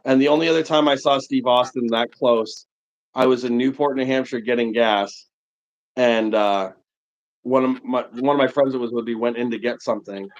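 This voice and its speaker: At a moderate pace and in a mid-range voice, a New England man in his forties tells a lengthy anecdote on his livestream. He's animated and meandering, leaning on lots of fillers, and the audio sounds muffled and lo-fi.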